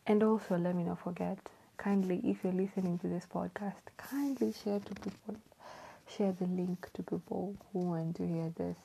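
A woman from Kenya hosting her own podcast at home late at night, chatting casually in a hushed, half-whispered voice, laughing often and repeating words. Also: fairly low pitch, vocal fry, a little hiss or hum, rough recording. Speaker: podcast host. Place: home at night, people asleep.

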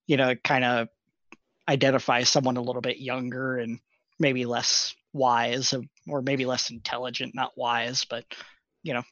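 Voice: medium pitch, fairly bright tone, no room sound. A tabletop roleplaying player chatting casually, hesitant and searching for words. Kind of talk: casual podcast chat. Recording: dull, dry lo-fi recording.

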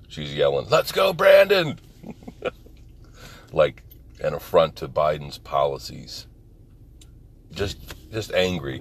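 Very deep-voiced man rambling in a car. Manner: rambling, profane, laughs often. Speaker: vlogger. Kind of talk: casual monologue. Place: parked car. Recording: car and street noise behind. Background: car and street noise.

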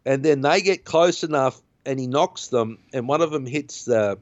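Recapping a film's plot casually on his podcast, a man rambles with frequent fillers and restarts. He has a mid-range voice at a moderate pace, and the lo-fi recording is dull and dry, with no room sound.

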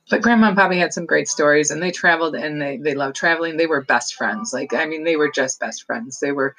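A woman's voice: deep voice, a bit bright, low-quality recording. Woman, casual vlog storytelling, rambling, laughs as she talks, lots of fillers. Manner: rambling, laughs often, many restarts and fillers. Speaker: vlogger.

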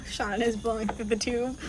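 A young woman co-hosting a podcast in casual chat, talking quickly and laughing often. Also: fairly high pitch. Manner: fast-talking, giggly. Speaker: podcast co-host.

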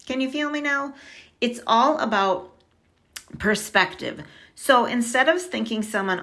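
A woman's voice: fairly high pitch, animated, measured pace, fairly bright tone. A middle-aged woman chatting casually as a podcast guest, upbeat and talkative, often saying "like" and laughing easily. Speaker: podcast guest on money mindset. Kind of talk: casual chat.

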